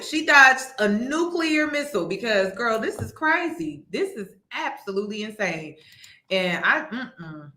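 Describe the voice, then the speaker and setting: A woman hosting a reaction commentary, animated, laughing and restarting her sentences. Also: a little high, a little slow, echoey room. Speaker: commentary host.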